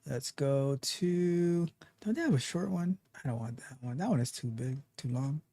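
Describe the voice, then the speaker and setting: A man hosting a live tech stream, talking casually with animated, repetitive joking asides. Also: medium pitch, moderate pace, dry recording. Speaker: livestream tech show host.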